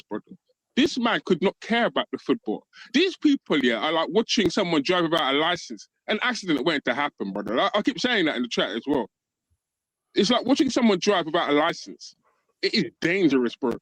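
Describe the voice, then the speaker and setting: Panel guest, man, high and very animated, dry close sound, emphatic. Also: dry recording, rough recording. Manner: emphatic, keeps calling others brother. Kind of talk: livestream fan chat.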